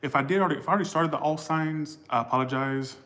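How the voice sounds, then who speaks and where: A man's voice: a little high, quick pace, fairly bright tone. A man giving a casual tarot reading for all the signs, blunt and profane, often losing his place and rambling. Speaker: tarot reader.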